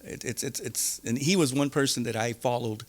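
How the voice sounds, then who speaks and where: A man, a podcast guest, telling his story openly in an animated way, with many restarts, acting out the voices of the people he quotes. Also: medium pitch, normal speed. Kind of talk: candid storytelling interview.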